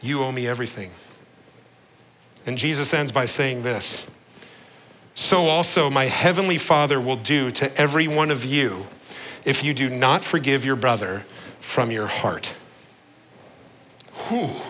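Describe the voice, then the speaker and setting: A male pastor preaching a sermon, earnest, slowing down and dropping his voice low on the key words. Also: pushed and bright, slight background noise, rough recording.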